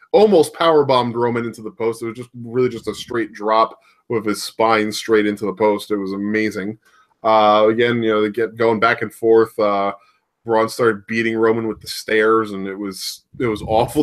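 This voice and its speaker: A man co-hosting a casual wrestling podcast, recapping a match in a rambling way with lots of fillers and restarts, laughing now and then. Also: medium pitch. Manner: laughs often, acts out quoted shouts. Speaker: podcast co-host.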